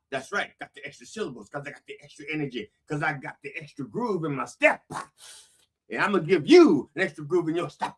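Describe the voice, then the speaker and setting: A man's voice: a little high, very animated, moderate pace, breathy edge. A man hosting a comedy show as a bawdy, preacherly reverend, with an American accent, often repeating "that's right.". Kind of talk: parody sermon.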